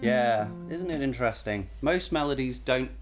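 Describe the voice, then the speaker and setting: A man's voice: medium pitch, expressive, moderate pace, soft background music. A man analyzing a song on a live stream, casually singing short bits of melody to show the notes and often stopping to correct himself.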